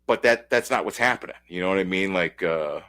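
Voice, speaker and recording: Brief: male comic reviewer, casual and rambling, excited, slightly low voice. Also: fairly quick, clean tone. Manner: rambling, enthusiastic, full of fillers.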